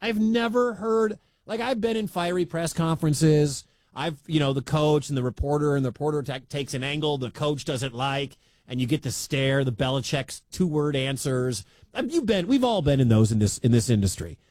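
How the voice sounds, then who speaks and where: A man's voice: on the high side, normal speed, no room sound. A man from the American Midwest hosting a sports talk radio show, rambling and laughing as he comments. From Midwestern United States. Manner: animated, rambling, laughs at the story.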